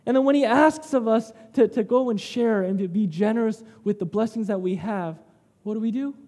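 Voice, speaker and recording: A man's voice: high voice, a little fast, warm tone, in a large hall. A man preaching a sermon in a conversational way, telling personal stories and tagging lines with "right?".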